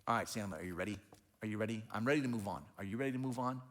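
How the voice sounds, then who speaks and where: A man's voice: lowish voice, racing, voice pushed down, close to an everyday voice. A man preaching, acting out God as a patient but exasperated voice questioning a fearful prophet. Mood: coaxing.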